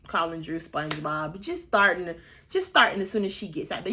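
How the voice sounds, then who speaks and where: Woman, 30s, vlogger: sassy gossip recap, slightly low voice, breaks into high, exaggerated voices when she quotes people. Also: lively intonation, a little fast, pushed and bright, slight background noise. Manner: sassy, chatty and playfully shady. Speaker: vlogger recapping a reality show. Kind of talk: casual gossip commentary.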